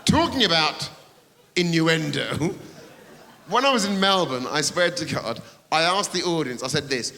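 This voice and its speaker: A man doing a stand-up comedy set on a theatre stage, teasing the audience and bursting into shouted high voices. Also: expressive, a little slow, creaky. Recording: reverberant hall with loud audience noise.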